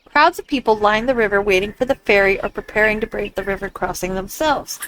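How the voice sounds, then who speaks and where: A woman's voice: medium pitch, brisk, fairly bright tone, slight background noise, poor audio. A woman giving casual commentary while playing a video game, exclaiming often and reading on-screen text aloud. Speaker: gamer.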